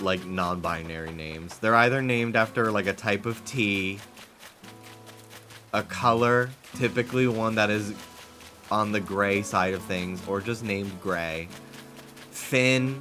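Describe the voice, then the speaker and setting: A man talks casually while streaming a game, swearing freely and breaking into laughter as he rambles. His voice sits a little low, with a bright, forceful edge. Faint music plays behind him.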